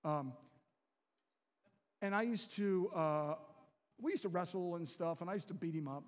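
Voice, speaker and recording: A man from the Baltimore area preaching a sermon in a chapel, swinging from quiet asides to shouted declarations. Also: high voice, moderate pace, long reverb tail.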